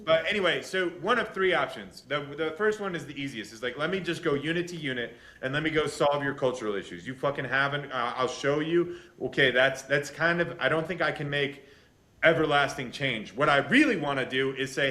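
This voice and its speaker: A man's voice: a little high, expressive, a little fast, bright, forceful tone. Intense, foul-mouthed man in echoey room. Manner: heavy swearing, intense and emphatic ranting. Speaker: podcast host. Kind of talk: casual interview chat.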